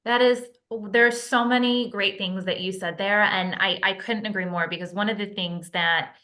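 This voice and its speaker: A middle-aged woman host with a bright, forward voice. She agrees warmly, restarts her sentences often, and lets her emotion show as she talks. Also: medium pitch, fairly even intonation, normal speed. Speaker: interview host. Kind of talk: interview conversation.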